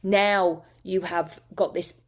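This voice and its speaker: A woman's voice: lowish voice, fairly even intonation, slow. A woman hypnotist teaching a masterclass, talking casually and emotively with frequent restarts.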